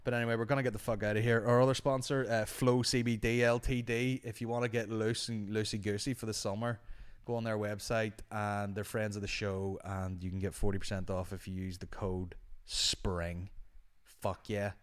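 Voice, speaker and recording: Sweary podcast host. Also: male voice, on the low side, level tone, normal speed, smooth. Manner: swears freely, rambling, sardonic. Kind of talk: casual chat answering listener questions. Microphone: studio microphone.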